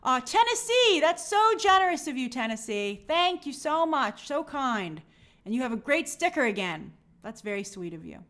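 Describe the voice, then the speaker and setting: A woman's voice: sits high, big pitch swings, normal speed, a bit bright. A woman hosting a live stream, chatting casually and greeting viewers by name in an upbeat, friendly way.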